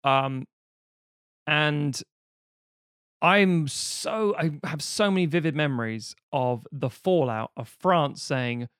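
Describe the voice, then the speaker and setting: A British man co-hosting a casual film podcast, rambling into animated, sweary rants. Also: fairly high pitch, slow pace, clean tone, dry recording, clean studio sound. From United Kingdom. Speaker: podcast co-host. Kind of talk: casual film review chat.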